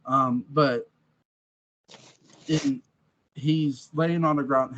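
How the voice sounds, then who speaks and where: A man's voice: fairly high pitch, sing-song, moderate pace, fairly bright tone. A man in a casual film review chat, rambling through his points with restarts. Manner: rambling, with frequent restarts and laughs. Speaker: movie reviewer. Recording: dull lo-fi sound.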